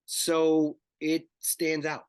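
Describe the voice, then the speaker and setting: A man in his fifties, a guest actor in a casual interview, telling animated stories and acting out the dialogue. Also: fairly high pitch, extremely slow, clear, resonant tone, no room sound. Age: 50s. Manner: animated storyteller who acts out dialogue.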